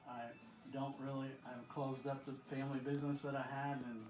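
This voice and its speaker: A man hosting a casual interview, upbeat and enthusiastic, often repeating his words as he talks. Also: mid-range voice. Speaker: interviewer, event organizer. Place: a shop, indoors. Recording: roomy echoey sound.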